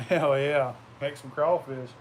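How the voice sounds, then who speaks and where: A man's voice: medium pitch, fairly even intonation, takes it slowly, a little hiss or hum. A man vlogging casually, telling rambling, profane anecdotes and laughing as he goes. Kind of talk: casual storytelling.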